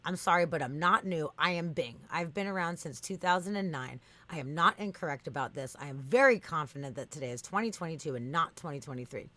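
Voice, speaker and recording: A woman's voice: sits low, lively intonation, brisk, hardly any pauses, a bit bright, no room sound. A woman reading aloud as a stubborn, defensive chatbot that lectures in insistent, repetitive lists. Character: stubborn defensive chatbot, machine, self-righteous.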